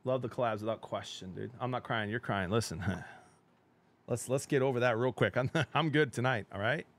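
Excitable middle-aged man chatting on stream. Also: mid-range voice, moderate pace. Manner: chatty and excitable, laughs often, trails off mid-sentence. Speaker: game streamer. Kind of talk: casual live-stream chat.

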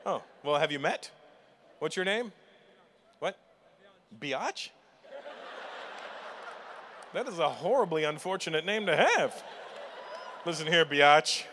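A man's voice: a little high, lively intonation, moderate pace, pauses often, a bit bright, a little hiss or hum. A man doing stand-up crowd work at a live show, teasing audience members in a playful way and laughing often. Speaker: stand-up comedian. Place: large live comedy venue with audience.

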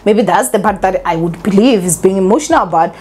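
A woman's voice: medium pitch, fast talker, darkish tone, slightly rough. A woman giving opinionated casual commentary as a vlogger, laughing often.

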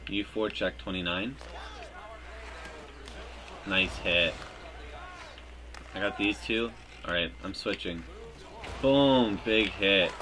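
A man giving live commentary over his own hockey video game, joking and breaking into loud cheers at big plays. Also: deep voice. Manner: excitable, jokey, bursts into loud cheers. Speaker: gaming YouTuber.

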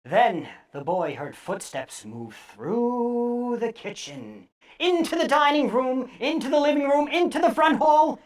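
A woman storyteller reading scary stories aloud theatrically, dropping to hushes and bursting out loud. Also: a little high, lively intonation, measured pace.

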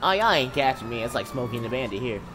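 A young man giving excitable, jokey commentary on a driving game, laughing and shouting often. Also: mid-range voice, fast, background noise. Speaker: gameplay commentator. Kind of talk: live let's-play commentary. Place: home room.

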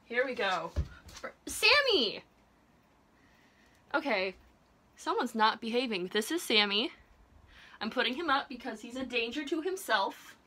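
A woman's voice: on the high side, lively intonation, moderate pace, bright, forceful tone. A young woman chatting casually in a home vlog, playful and gushing, baby-talking to her pets. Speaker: vlogger.

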